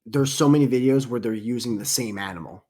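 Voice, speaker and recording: A man's voice: medium pitch, fairly quick, mellow. Fired-up, foul-mouthed podcast host man. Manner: heated, profane storytelling. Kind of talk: casual podcast chat.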